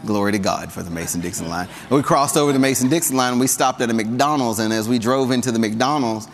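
A man's voice: medium pitch, quick pace, slight background noise. Southern man preaching in a reverberant church. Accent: Southern US drawl. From Southern United States. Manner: animated, conversational preaching with humor and call-and-response. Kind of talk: sermon. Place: church sanctuary. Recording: long hall reverb.

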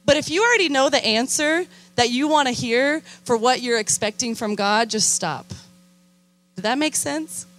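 Animated young woman preaching a sermon. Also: sits high, moderate pace. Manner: animated, emphatic, calls for "Amen?" responses. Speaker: youth minister and preacher.

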